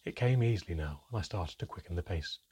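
Deep-voiced man narrating a story. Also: lively intonation, fast, mellow, breathy edge. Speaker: audiobook narrator. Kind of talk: scripted narration.

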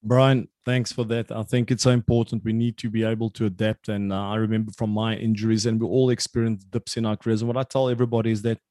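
A man's voice: fairly low pitch, little pitch movement, fast talker, few pauses, dark tone, no echo, studio quality. A man, a former rugby player, chatting casually with lots of fillers and putting a question to a fellow player. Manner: chatty, filler-heavy, jovial. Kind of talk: casual chat.

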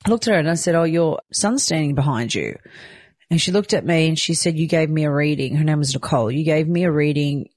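A woman's voice: sits low, fast talker, darkish tone, dry recording. A young woman speaking earnestly and directly to viewers in a casual personal vlog. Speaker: psychic medium and new mother sharing her story.

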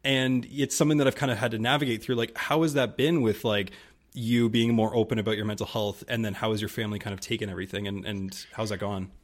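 A man's voice: lowish voice, fairly even intonation. A young man hosting a podcast, asking long, rambling questions full of fillers and sharing his own experience. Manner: fast, rambling, many fillers, frequent backchannels. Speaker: podcast host. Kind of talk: casual interview conversation.

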